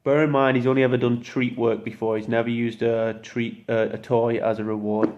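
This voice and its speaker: A man's voice: mid-range voice, flat delivery, fairly quick, highs cut off, very noisy. A man vlogging as he trains his puppy, talking casually and explaining each step, coaxing the dog in a sing-song voice. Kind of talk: casual vlog narration. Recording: echoey room.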